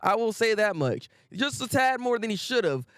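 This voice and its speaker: A man hosting a casual anime talk stream, reading out viewer names and repeating himself with animated, slangy energy. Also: high voice, moderate pace, clear, resonant tone, dry recording, clean studio sound. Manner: animated, repetitive, slangy, greets chat viewers. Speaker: host.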